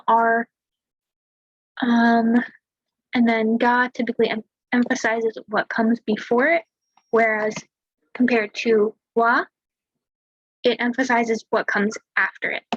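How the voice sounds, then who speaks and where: A woman tutoring a language lesson over a screen share in a relaxed, chatty way, talking through examples. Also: on the high side, slow pace, long pauses, slightly rough, dry recording, highs cut off. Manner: relaxed, chatty explaining with fillers and small laughs.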